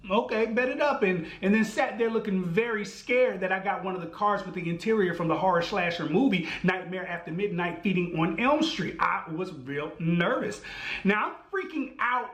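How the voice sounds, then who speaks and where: A man with a high voice tells a comic story on his podcast. He talks in an animated way, full of slang and voiced asides, and his voice echoes around the room. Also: normal speed. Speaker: podcast host. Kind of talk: storytelling monologue.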